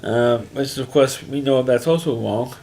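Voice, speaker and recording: A man talks through the plot of a crime drama episode in a loose, rambling way, circling back and restarting his sentences as he goes. His voice sits at an ordinary middle pitch, and his delivery is unpolished and conversational. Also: unhurried, darkish tone. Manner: rambling, frequent restarts and fillers, plain-spoken. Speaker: TV episode reviewer. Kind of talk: casual recap monologue.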